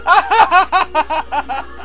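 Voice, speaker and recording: A man vlogging casually, rambling and bursting into loud mock shouts. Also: extremely high pitch, drawn-out words, highs cut off, soft background music. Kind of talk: casual vlog commentary.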